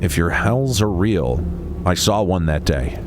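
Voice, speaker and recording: A man reading aloud the lines of a frightened young woman survivor in a video game, in a halting, hushed delivery. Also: sits low, animated, noisy background. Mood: haunted.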